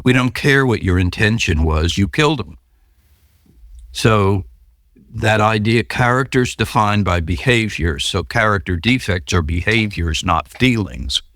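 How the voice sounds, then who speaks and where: A man's voice: lowish voice, expressive, a little slow, fairly bright tone, no echo, studio quality. A man being interviewed about his recovery, telling stories and acting out the voices of the people in them. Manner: storytelling, acts out quoted voices. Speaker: podcast guest.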